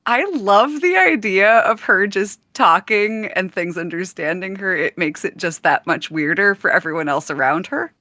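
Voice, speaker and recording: A woman's voice: medium pitch, expressive, normal speed, hardly any pauses, sharp tone, dry recording. A woman playing in a tabletop game, chatting enthusiastically and laughing often. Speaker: player. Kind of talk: casual chat at a gaming table.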